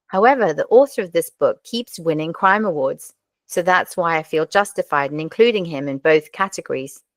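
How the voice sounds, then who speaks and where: A woman's voice: sits low, dry recording. A woman hosting a podcast, reviewing crime novels in a wry, self-deprecating scripted talk. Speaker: podcast host.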